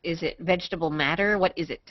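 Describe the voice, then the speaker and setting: A woman's voice: on the low side, quick pace, no room sound. A woman co-hosting a comedy web show, chatty and curious, on a video call. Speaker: co-host. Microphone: video call mic. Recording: dry, dull video call audio.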